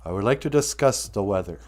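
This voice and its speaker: A man with a lowish, slightly mellow voice hosts a casual live stream teaching Ojibwe. He talks fairly quickly with lively intonation, joking, greeting viewers by name, and laughing often.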